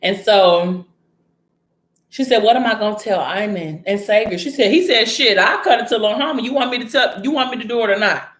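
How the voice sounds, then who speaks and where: A woman talking casually and bluntly, swearing freely and slipping in slang as she recaps a story. Her voice sits in a middle pitch. It bounces around a reverberant room. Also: brisk. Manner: blunt, animated, frequent profanity and slang. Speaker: vlogger recapping a TV series. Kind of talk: casual chat retelling a story. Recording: echoey room.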